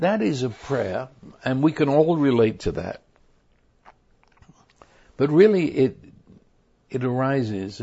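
Older male preacher with a gravelly voice. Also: mid-range voice, dark tone. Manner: earnest, halting, repeats words often. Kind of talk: sermon. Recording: dull lo-fi recording.

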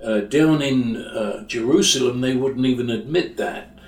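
A man preaching a sermon in a slow, conversational storytelling way, often restarting his phrases. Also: medium pitch, echoey room, recorded from a distance, rough recording.

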